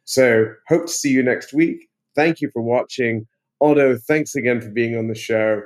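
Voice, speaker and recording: A man's voice: medium pitch, normal speed. A man with a British-tinged accent hosting a casual interview podcast, chummy and rambling. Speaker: podcast host.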